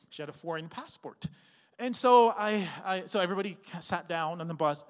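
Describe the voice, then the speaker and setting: A male pastor preaching, swinging from loud, rising refrains to a chatty storytelling manner full of fillers and restarts. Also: fairly high pitch. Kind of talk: sermon. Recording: long hall reverb.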